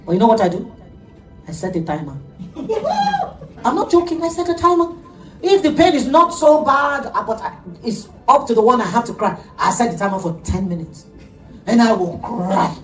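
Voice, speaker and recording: A middle-aged woman pastor preaching an animated sermon, laughing often as she tells stories. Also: fairly high pitch, a little fast, faint music behind. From Nigeria. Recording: echoey room, heard from a distance.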